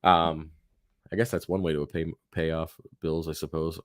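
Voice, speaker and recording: A man hosting a live Q&A stream from his office, chatting casually and rambling with lots of fillers, his voice hoarse and going. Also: very deep voice, normal speed, no echo, studio quality. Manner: rambling, relaxed, many fillers and restarts. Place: home office.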